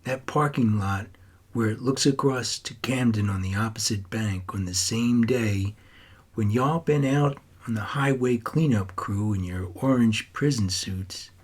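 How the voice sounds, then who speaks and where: A troubled teenage boy writes home to his grandfather, earnest and wistful, as a man reads him. The voice sits low and husky, with an audiobook plainness. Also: measured pace.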